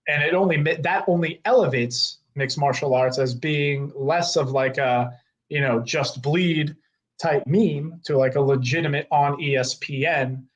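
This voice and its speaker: A man in his thirties with a slightly raised pitch, telling a story in a relaxed, animated way. He peppers his talk with "like" and casual swearing, as a guest chatting on a talk show. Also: measured pace. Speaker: guest, co-owner of a fight-gear retailer.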